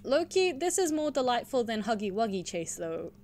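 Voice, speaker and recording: Woman, game streamer, jumpy and panicky, swears, lively up-and-down pitch, loud music behind. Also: moderate pace. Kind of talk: live gameplay commentary.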